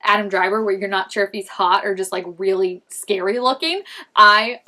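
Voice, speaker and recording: A woman's voice: mid-range voice, moderate pace, bright, forceful tone. A young woman rambles through a casual fan recap vlog, gushing over the characters. She keeps circling back on her thoughts and stacks up filler words as she goes.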